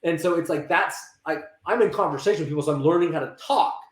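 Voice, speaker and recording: A man talking in a casual interview about working with teens. He acts out quoted dialogue in lively voices and often restarts his sentences. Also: fairly high pitch, fast talker. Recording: roomy echo.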